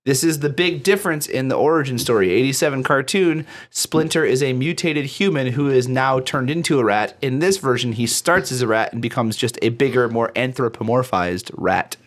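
This podcast host has a medium-pitched voice, normal speed and hardly any pauses. Slightly tipsy after drinking, he rambles casually about a film, leaning on fillers and running himself down.

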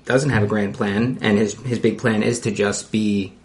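A man hosting a podcast in casual chat, loose and quick to laugh as he steers the discussion. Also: on the low side, fairly even intonation. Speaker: podcast host.

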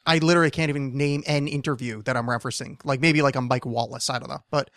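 A man's voice: medium pitch, fairly even intonation, fast, a bit bright, dry recording, studio quality. A man in his thirties from New Jersey, hosting a casual podcast chat; he rambles, swears freely, laughs often and is losing his voice. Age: 30s. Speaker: podcast host.

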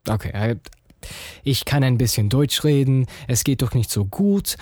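In the studio, a man from the United States and Austria hosts his podcast and rambles through a personal story, stumbling into restarts and fillers. His mid-range voice is a little mellow at normal speed, captured cleanly with no echo.

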